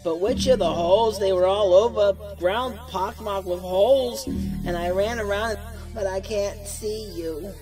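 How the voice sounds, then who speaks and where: An actor playing a husband unraveling with fear in a radio horror drama, talking frantically and then hollow and defeated. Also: male voice, high voice, unhurried, music in the background. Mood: haunted. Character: husband driven mad with fear, adult man.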